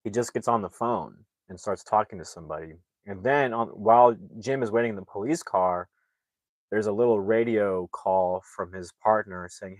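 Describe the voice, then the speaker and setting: Male movie reviewer, lowish voice, casual rambling recap, dry close sound. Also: moderate pace, dry recording. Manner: rambling, heavy on fillers and restarts.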